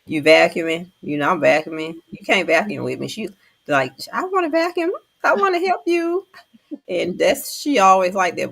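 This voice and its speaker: Gravelly older woman storyteller. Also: deep voice. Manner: animated storytelling with voiced quotes. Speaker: panelist. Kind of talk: casual chat.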